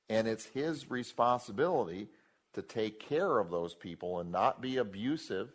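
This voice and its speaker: A man with a fairly low voice leads a classroom lesson. He works through each point methodically and keeps asking his listeners quick questions. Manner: methodical, explains step by step with rhetorical questions. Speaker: Bible study teacher. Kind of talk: classroom word-study lesson.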